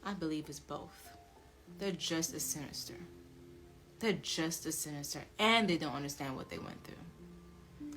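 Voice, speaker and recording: A young woman vlogging a personal story in a casual, animated and blunt way, with swearing. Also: low voice, measured pace, pauses often. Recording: music playing underneath.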